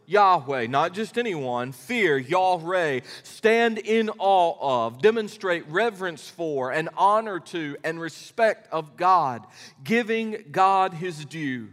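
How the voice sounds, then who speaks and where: A middle-aged male pastor preaching a sermon in a folksy, animated storytelling manner. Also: high-pitched, takes it slowly. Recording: long hall reverb.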